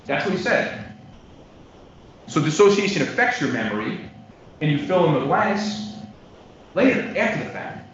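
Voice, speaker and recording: A male defense attorney delivering a closing argument to a jury, emphatic and repetitive, swinging between loud stresses and quiet asides. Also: a little high, sing-song, normal speed, pauses often. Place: large courtroom. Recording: distant, echoey courtroom audio, dull lo-fi with noise.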